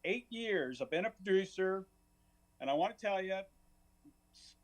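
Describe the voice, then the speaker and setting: A man's voice: high-pitched, lively intonation, unhurried. A man who is the show's producer, speaking earnestly and gushing with over-the-top praise in comedic banter. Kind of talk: comedic variety show banter. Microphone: studio microphone.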